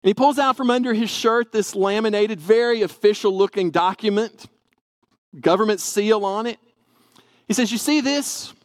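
A man's voice: sits high, fairly even intonation, moderate pace, no echo. A man from Tennessee, animatedly telling a personal story and acting out the dialogue. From Tennessee, USA.

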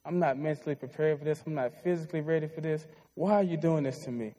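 A man's voice: on the high side, quick pace, dark tone, rough recording. A man in his twenties preaching a sermon, telling a heartfelt personal story in an earnest way. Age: 20s.

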